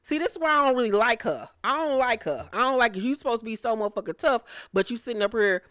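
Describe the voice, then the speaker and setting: A woman's voice: fairly high pitch, lively intonation, quick pace, a bit bright, no echo, clean studio sound. Brash, profane woman recapping reality TV. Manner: brash, profane, laughs often. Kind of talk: casual recap commentary.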